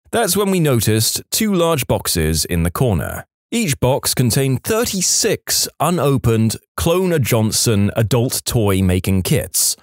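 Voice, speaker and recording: A man narrating reddit stories in an animated, scripted storytelling manner. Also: medium pitch, no room sound, studio quality.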